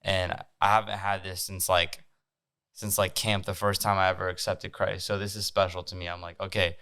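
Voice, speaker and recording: A man's voice: low-pitched, flat delivery, normal speed, bright, forceful tone, clean tone, no room sound. A young man from France hosting a casual faith podcast, earnest and using "like" a lot. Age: young adult. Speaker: podcast host. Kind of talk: casual chat.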